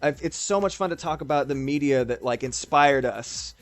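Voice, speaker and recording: At normal speed and with faint music behind, a man with a mid-range voice streams his drawing session. His livestream chat is rambling and casual, and he swears freely.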